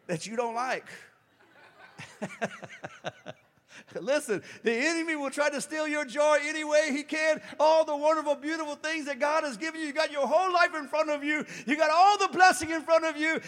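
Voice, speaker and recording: A man preaching a sermon as pastor, animated, acting out quoted voices and rising to shouts. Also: very high-pitched. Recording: long hall reverb.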